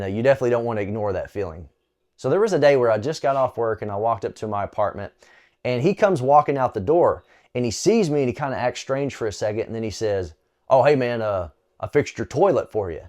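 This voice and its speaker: A man telling a personal faith story in a relaxed, conversational way, with frequent small fillers. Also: lowish voice. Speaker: storyteller sharing a faith testimony. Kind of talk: casual spoken testimony.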